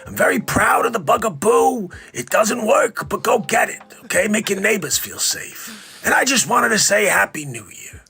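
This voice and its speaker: A man doing a comic impression of a raspy elderly male health official. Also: high voice, sing-song, moderate pace, pushed and bright, heavily acted. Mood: mock-official. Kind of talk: comedic celebrity impression.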